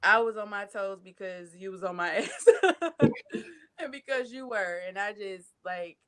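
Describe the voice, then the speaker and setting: A woman on a live stream, tearful and laughing as she gives effusive shout-outs while reading comments. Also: medium pitch, unhurried. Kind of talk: emotional casual chat, reading comments.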